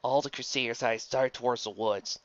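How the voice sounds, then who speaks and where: A wry, animated reader narrating a fan story aloud, on a dull lo-fi recording. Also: mid-range voice, normal speed.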